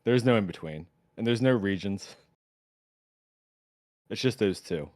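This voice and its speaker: American man, low voice, laid-back podcast chatter, hesitant questions. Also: expressive, a little slow, darkish tone. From United States. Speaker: podcast co-host. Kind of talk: casual chat.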